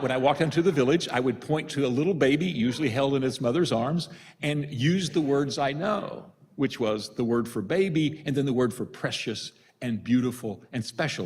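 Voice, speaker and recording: A man's voice: mid-range voice, husky. An older man, a priest from the United States, giving a retreat talk with storytelling and self-deprecating humor. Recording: long reverb of a large hall.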